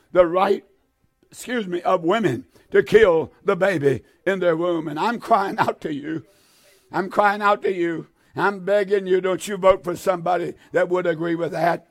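Old preacher guy, 80s, high-ish voice, pleading hard, lots of uhs. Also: darkish tone. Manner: fervent pleading preaching with frequent "uh" fillers. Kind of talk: radio sermon.

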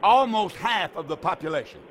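A man's voice: high voice, lively intonation, moderate pace, a bit bright, slight background noise. A man hosting a radio call-in program as a pastor, preaching emphatically and repeating his key phrases.

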